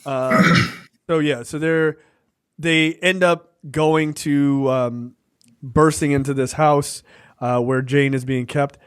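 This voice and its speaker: A man talks through a film review in a loose, chatty way, full of fillers and quick acted-out quotes. His voice sits a little high. The recording is dry and close, with no room sound. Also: smooth, dry recording. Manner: relaxed, many fillers, acts out scenes in quoted voices. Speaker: podcast co-host. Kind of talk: casual film review chat.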